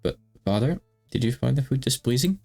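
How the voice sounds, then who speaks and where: A man's voice: medium pitch, expressive, a little fast, gravelly, darkish tone, faint music behind, pitched above the performer's own voice. A man voicing a timid, polite, newly born young witch girl while reading a visual novel aloud. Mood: earnest.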